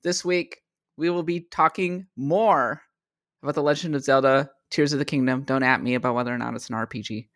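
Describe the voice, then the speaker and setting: A woman hosting a podcast, chatting casually and telling stories with animated energy. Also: very deep voice, fairly quick, dry recording, clean studio sound. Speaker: podcast host. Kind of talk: casual chat.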